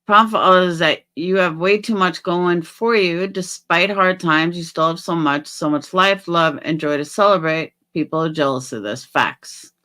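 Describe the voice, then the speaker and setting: Hosting a relaxed livestream, a woman voices her viewers' comments and responds with blunt, profane replies, flipping quickly between mumbling low and shouting out.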